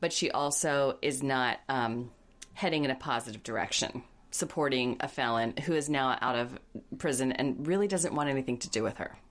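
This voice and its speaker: A woman's voice: rumbling low, moderate pace. A woman co-hosting a casual podcast, giving blunt, wry commentary and doing mocking impressions. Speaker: podcast co-host. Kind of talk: casual recap chat.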